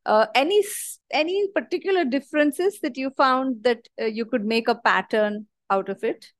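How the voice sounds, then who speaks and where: Bright-voiced woman podcast host. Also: high-pitched, normal speed. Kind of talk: casual chat.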